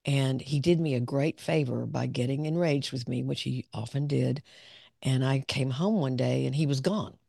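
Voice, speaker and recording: A woman's voice: rumbling low, creaky, mellow, no room sound, clean studio sound. A woman psychologist telling her own story as a guest in an interview, reflective and open, often laughing. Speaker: clinical psychologist, podcast guest. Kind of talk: candid personal storytelling.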